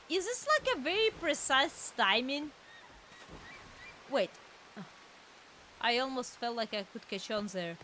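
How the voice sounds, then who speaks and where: A young woman with a high, bright voice chats through a game stream. Her pitch swings widely as she laughs, yelps and shouts at the screen between rambling asides. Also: a little hiss or hum. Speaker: VTuber streamer. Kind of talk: casual gameplay commentary.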